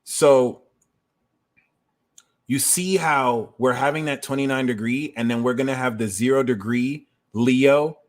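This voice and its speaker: A man hosting a live astrology stream, explaining the transits to his viewers. His delivery is energetic and chatty, and he breaks off now and then for quick asides. His voice sits at an ordinary middle pitch for a man. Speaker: astrology livestream host.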